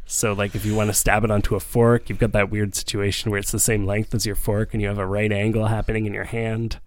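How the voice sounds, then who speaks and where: A man's voice: fairly low pitch, little pitch movement, quick pace, no room sound. A man co-hosting a podcast in casual chat, rambling and jokey. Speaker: podcast co-host.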